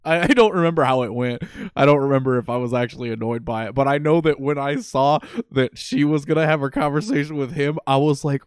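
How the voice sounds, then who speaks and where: A man in casual chat, animated and exasperated, acting out what characters say. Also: medium pitch, quick pace, hardly any pauses, clear, resonant tone, dry recording, clean studio sound. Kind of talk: casual chat about a video game.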